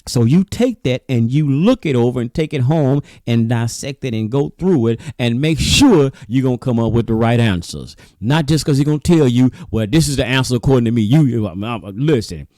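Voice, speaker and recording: A man teaching in a sermon style, animated and repetitive, calling his listeners brothers and sisters. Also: medium pitch, normal speed, hardly any pauses, no echo. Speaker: religious teacher.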